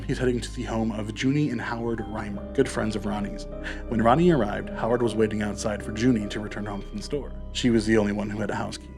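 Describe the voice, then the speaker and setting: A man hosting a podcast, narrating true crime casually with profane, joking asides. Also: lowish voice. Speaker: podcast host.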